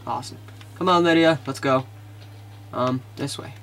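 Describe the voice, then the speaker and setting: A man casually commentating his video game, excitable and easily frustrated, muttering to himself. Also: medium pitch, moderate pace, vocal fry. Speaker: gamer.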